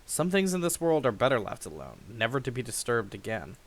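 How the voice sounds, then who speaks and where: A man's voice: medium pitch, brisk. A young man hosting a game playthrough, reading the story aloud with dramatic flair and chuckling along. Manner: lively, chuckling, reads narration dramatically. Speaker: let's play host.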